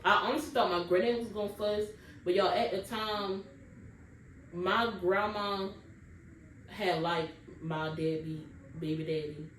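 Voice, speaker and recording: A woman's voice: mid-range voice, fairly even intonation, measured pace, far from the mic. A young woman chats through a casual storytime vlog, speaking straight to her viewers. She sits back from the mic in a roomy, echoing space. A faint hum of background noise runs underneath. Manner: chatty, keeps addressing viewers directly. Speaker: vlogger.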